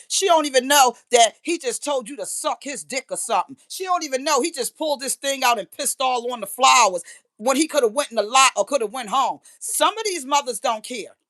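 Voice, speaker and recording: A woman's voice: high-pitched, a bit bright. A middle-aged woman, ranting bluntly and profanely on a live stream and repeating phrases for emphasis. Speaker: livestreamer. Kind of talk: impassioned live-stream rant.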